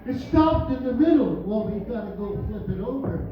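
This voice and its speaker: A man's voice: extremely high pitch, animated, highs cut off. Stand-up comic, man in his fifties, brash and profane, recorded distant in a roomy bar. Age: 50s. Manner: brash, profane, rapid asides to the crowd. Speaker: stand-up comedian. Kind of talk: stand-up comedy set. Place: bar stage. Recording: roomy bar sound from far off, noisy.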